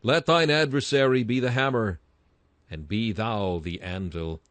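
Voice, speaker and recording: A man's voice: fairly low pitch, a little slow, fairly bright tone, no echo. A man reading a Victorian sermon aloud in an emphatic style that rises to bursts of fervor. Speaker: sermon reader.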